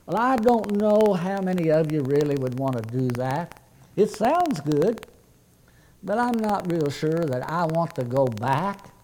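A man's voice: high-pitched, animated, moderate pace, a little mellow, low-quality recording. A man preaching a sermon as pastor, earnest and conversational, often restarting his words.

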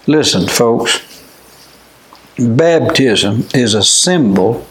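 An older man with a drawl preaches in a folksy, unhurried way, mixing old-fashioned scripture wording with plain talk. His voice sits at an ordinary middle pitch. The room around him rings with echo. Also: expressive. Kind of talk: folksy sermon with storytelling. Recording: echoey room.

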